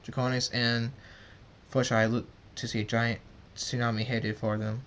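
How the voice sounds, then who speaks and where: A man's voice: medium pitch, little pitch movement, normal speed, fairly bright tone. A man reading his pony fan story aloud as narrator, in a plain way with some stumbles over words.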